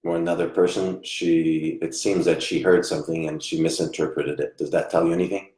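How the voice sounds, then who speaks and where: A man giving a live online psychic reading, soft-spoken and halting, often trailing off quietly. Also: low voice, little pitch movement. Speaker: psychic medium. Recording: echoey room.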